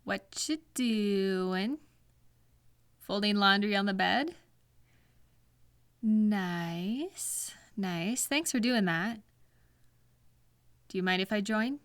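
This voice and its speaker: A woman gently asking a partner what is wrong, in a soft and patient whispered role-play. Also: medium pitch, slow, pauses often, clean tone, dry recording, clean studio sound. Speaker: ASMR girlfriend role-play performer.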